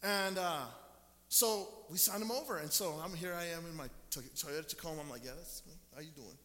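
High bright-voiced man preaching in a reverberant church. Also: a little fast. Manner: storytelling, acts out quoted people. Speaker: pastor. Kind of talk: sermon. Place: church sanctuary.

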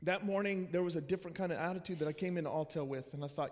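High-voiced pastor preaching in a reverberant church. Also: male voice, fairly even intonation, very fast. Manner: earnest, conversational, with frequent restarts. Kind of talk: sermon with personal storytelling. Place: church sanctuary. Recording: long church hall reverb.

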